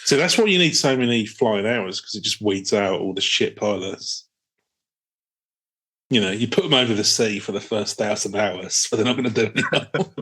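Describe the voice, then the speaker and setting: A man's voice: medium pitch, bright, forceful tone, slightly rough. A man co-hosting a podcast, joking around in casual banter with quips and some swearing. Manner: jokey, throws in quips and swearing. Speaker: podcast co-host.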